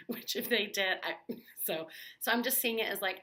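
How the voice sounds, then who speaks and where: Woman vlogger, casual chat, rambling, candid, lowish pitch, bright tone. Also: brisk. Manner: rambling, lots of "like" fillers, candid.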